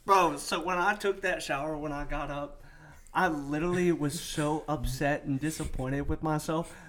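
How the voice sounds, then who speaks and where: A man's voice: fairly high pitch, fairly even intonation, normal speed, a bit bright. A young man in casual podcast chat, slangy and loose, with faint noise behind him. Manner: slangy, says dude and bro a lot. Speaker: podcast co-host. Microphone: studio mic at a table.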